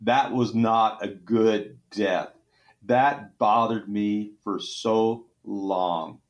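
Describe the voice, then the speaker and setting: A middle-aged man with a Texan accent and a lowish voice recounts hard cases from his work as a surgeon. He speaks earnestly, with emotion in his voice and frequent restarts. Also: fairly even intonation, drawn-out words, dull audio. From Texas. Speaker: trauma surgeon. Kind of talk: podcast interview storytelling.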